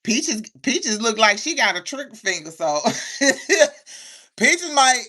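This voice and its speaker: A woman's voice: fairly high pitch, sing-song, slow pace, bright, forceful tone, slightly rough. A woman with grandkids hosting a casual livestream, chatting with viewers, reading their comments aloud and laughing often. She says she has been crying and feels emotional. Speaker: livestream host.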